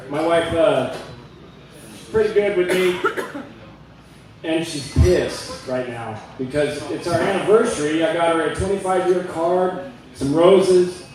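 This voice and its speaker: A man performing a stand-up comedy set on a club stage, telling jokes in a loose, conversational way with quick voiced asides. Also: fairly high pitch, darkish tone. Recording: echoey room, mic at a distance.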